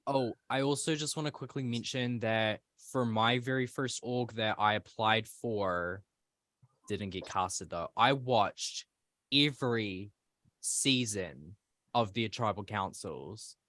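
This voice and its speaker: A man's voice: on the low side, slow, fairly bright tone, no room sound, clean studio sound. A man on a casual panel, chatty and playful, going on mock rants. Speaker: panelist assessing new cast.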